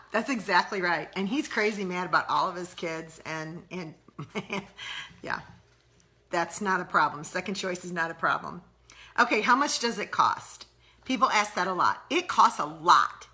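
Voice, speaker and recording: A woman's voice: fairly low pitch, pushed and bright. A middle-aged woman hosting a casual live stream, candidly answering viewers' questions and chatting with their comments. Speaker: host of a live mom-mentoring broadcast. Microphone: live-stream webcam or phone.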